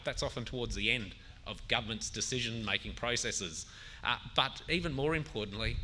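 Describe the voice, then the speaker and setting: An Australian man in his forties speaks at a public forum in a sharp, bright voice at an ordinary pitch. He explains government policy earnestly and often restarts his sentences as he goes. A faint background hiss sits under his voice. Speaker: state government minister on a forum panel. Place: outdoor festival forum.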